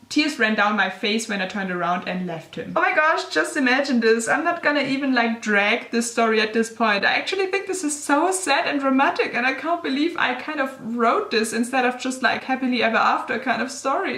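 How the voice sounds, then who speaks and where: Young woman vlogger, somewhat high voice, dramatic reading with giggly asides, roomy echo. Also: a little fast, hardly any pauses, pushed and bright. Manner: gushing, giggly, self-mocking. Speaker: YouTuber reading her old fanfiction. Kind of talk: dramatic reading with casual commentary. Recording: echoey room.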